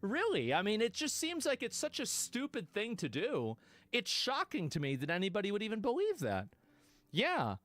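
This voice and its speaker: A man streaming live, reacting bluntly to clips with profanity and sudden loud outbursts. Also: sits high, wildly swooping pitch, normal speed.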